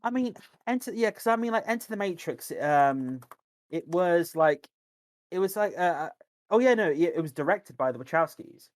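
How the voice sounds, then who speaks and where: This man's voice sits high, with lively intonation and a moderate pace, and there's no room sound. He co-hosts a podcast, chatting eagerly and casually about films and games while rambling and restarting a lot.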